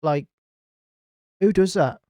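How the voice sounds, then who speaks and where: A man's voice: high voice, slow, no echo, studio quality. A man, a podcast guest telling a heated story in casual chat, swearing a lot and acting out what others said. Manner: animated, heavy swearing, acts out others' lines. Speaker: podcast guest, gaming clan founder.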